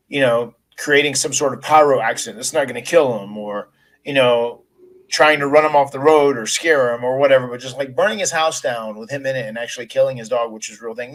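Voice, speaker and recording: Man, middling pitch, earnest storytelling, interview answers, frequent restarts. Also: poor audio. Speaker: wrestler telling his story.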